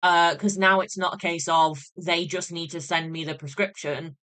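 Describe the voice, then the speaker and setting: A woman's voice: fairly low pitch, steady tone, normal speed, fairly bright tone, clear, resonant tone. A woman chatting casually on a live stream, venting, laughing often and swearing freely.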